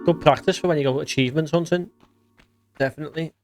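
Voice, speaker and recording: A man's voice: a little high, quick pace, music in the background. A man with an English accent, chatting casually on a game live stream as he reads out and answers viewer messages.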